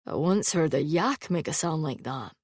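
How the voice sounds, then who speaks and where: A woman's voice: deep voice, animated, normal speed, no room sound. A woman voicing a stern, formal immortal male swordsman in an audiobook, speaking in a clipped, dry way. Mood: steady, formal. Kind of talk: audiobook character reading.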